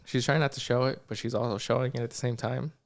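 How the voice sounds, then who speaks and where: With a mid-range voice and a quick delivery, a young man on a podcast recounts a story in relaxed conversation. He acts out each person animatedly and swears a lot.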